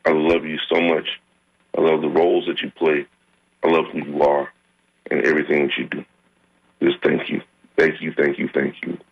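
A middle-aged man hosts a radio talk show, speaking in a heartfelt, chatty way. His voice sits extremely low with a gravelly fry to it. The sound is slightly dull and muffled, as broadcast radio can be. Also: monotone, normal speed, long pauses. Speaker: radio host. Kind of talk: casual radio chat.

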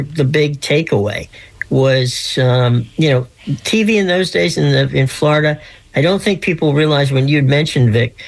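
A man's voice: fairly high pitch, vocal fry. A man in his sixties, originally from Pennsylvania, telling rambling stories as a guest over the phone, full of restarts and little laughs. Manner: rambling storyteller, many restarts, laughs often. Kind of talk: casual chat. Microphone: phone line.

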